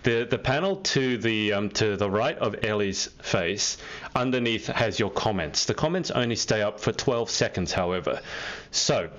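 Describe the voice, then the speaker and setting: A man's voice: fairly low pitch, lively intonation, moderate pace, fairly bright tone. Chatty man hosting a live stream. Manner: chatty, laughs often, teasing. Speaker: host. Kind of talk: live-stream interview chat. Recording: dull lo-fi stream audio.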